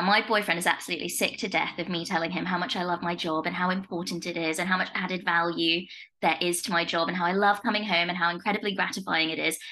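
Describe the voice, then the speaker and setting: A young adult woman co-hosting a legal podcast, chatting casually with quick asides. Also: fairly low pitch, sharp tone, rough recording. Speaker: podcast co-host, barrister. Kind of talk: casual chat.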